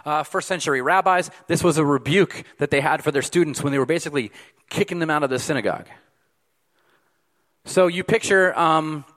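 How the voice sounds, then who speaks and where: A man preaching a sermon as pastor, emphatic, swinging from loud peaks to hushed lines. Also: mid-range voice. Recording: long hall reverb.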